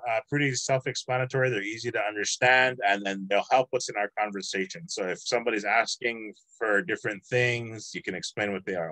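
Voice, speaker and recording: Man, low voice, patient teacher, dry close sound, video call. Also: bright, forceful tone, no room sound, poor audio. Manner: patient, encouraging, explains slowly with drawn-out words. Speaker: language teacher. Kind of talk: online language class.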